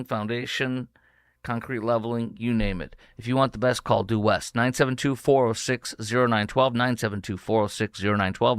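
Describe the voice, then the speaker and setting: A combative male talk radio host holds forth in a mid-pitched voice, hammering points home and speeding up in emphatic bursts. The sound is dry and close, with no room around it. He moves between reading ads and opinionated monologue. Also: fairly bright tone, clean tone, no echo.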